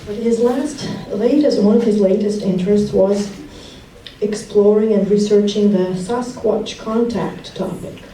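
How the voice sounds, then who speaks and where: A woman gives a memorial speech for her husband, her stories fond and often broken by laughter. Her voice is mellow, picked up from a distance in a roomy hall with a faint hum behind it. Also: mid-range voice, unhurried. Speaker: widow giving a eulogy.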